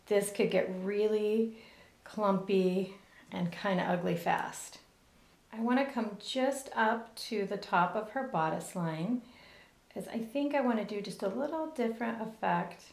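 A middle-aged woman giving a step-by-step cake decorating lesson, explaining each move gently and carefully. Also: medium pitch, creaky. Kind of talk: step-by-step demonstration. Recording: echoey room.

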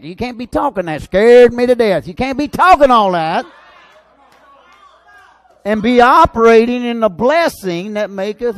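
A man preaching a sermon with a lilt and a notably high-pitched voice. He swings from booming, excited shouts down to low, urgent asides. The sound is close and dry, with no room around it. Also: dry recording. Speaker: pastor.

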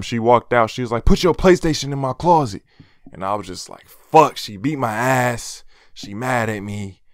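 A man's voice: on the low side, a bit bright, clean tone, dry recording, clean studio sound. A young man telling a personal story in a loose, slangy, cursing storytime vlog, laughing at himself now and then. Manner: casual, slangy, swears often; laughs at his own story. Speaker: vlogger.

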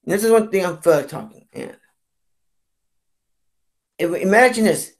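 A man vlogging a rambling, profane rant, halting and repetitive, with frequent restarts and stammers. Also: high voice, expressive. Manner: profane, repetitive, keeps saying "you know what I'm saying". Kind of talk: rambling ranting monologue.

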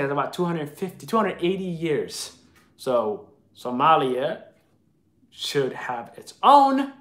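A man's voice: medium pitch, fairly bright tone, reverberant. A man hosting a live video chat, answering viewer comments in an opinionated, argumentative way.

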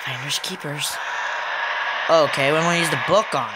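A man's voice: on the high side, moderate pace. A man commenting as he plays a game, talking to himself while he puzzles things out, often exasperated and rambling. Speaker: gamer. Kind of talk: let's play commentary. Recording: loud background noise.

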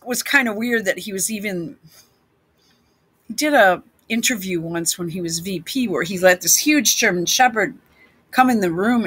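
Woman vlogger talking slow over clips, rambly and blunt, cusses a lot, dry close sound. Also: fairly high pitch, a bit bright, breathy edge, dry recording. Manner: rambling, many restarts, blunt with frequent swearing. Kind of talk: casual commentary while playing clips.

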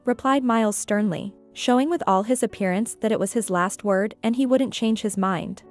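A woman reading a scripted story aloud as narrator, steady and even. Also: medium pitch, moderate pace, few pauses. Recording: faint background music.

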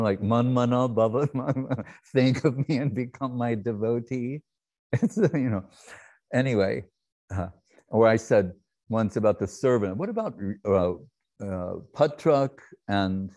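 A man giving a devotional talk, telling stories in an animated way, acting out scenes and laughing often. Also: medium pitch.

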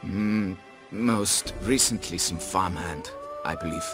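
A man's voice: low voice, takes it slowly, over music. An actor voicing a pompous, haughty male nobleman who owns a vineyard in a video game, speaking with condescending formality. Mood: grave. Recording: game score playing behind.

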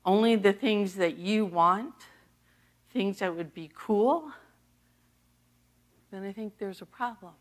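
A woman's voice: medium pitch, takes it slowly, pauses often. An American woman, an associate pastor, preaching a sermon in a conversational, storytelling way and acting out the dialogue.

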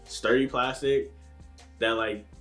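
A man's voice: medium pitch, fairly even intonation, slow, fairly bright tone, faint music behind. A young man casually telling a story to camera in a laid-back, slang-heavy way, acting out what people said to him. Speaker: vlogger.

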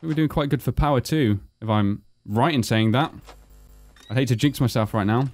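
A man's voice: mid-range voice, normal speed, a little mellow, soft background music. Tense British man playing a game. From Britain. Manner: tense, muttering to himself while concentrating. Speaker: gaming channel co-host. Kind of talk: casual let's-play chat.

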